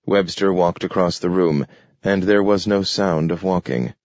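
Male audiobook narrator, very low and slow, measured and descriptive, dull audio. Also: darkish tone, no room sound. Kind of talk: scripted narration.

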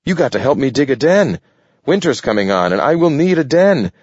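A fretful, hunted raccoon whines and pleads in a quick, climbing voice, as a man reads him in a storybook. The sound is dull and lo-fi, bone-dry with no room around it. He talks over himself in a hurry, pushing higher when he begs. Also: very animated, darkish tone, slightly rough, no room sound. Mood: pleading. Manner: fast, pleading, rising pitch.

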